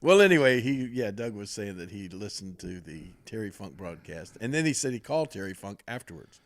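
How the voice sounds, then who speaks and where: A man's voice: lowish voice, big pitch swings, fairly quick, dry recording. An older man hosting a podcast, telling rambling stories with laughs and switching into voices for the people he quotes. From American South. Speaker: podcast host, former wrestler. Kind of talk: casual chat, storytelling.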